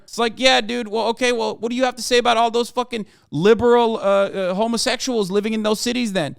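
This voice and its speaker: A man's voice: extremely high pitch, fairly even intonation, fast, creaky, hardly any pauses, smooth, no room sound, studio quality. A male streamer giving a heated, profanity-laced commentary rant on his livestream.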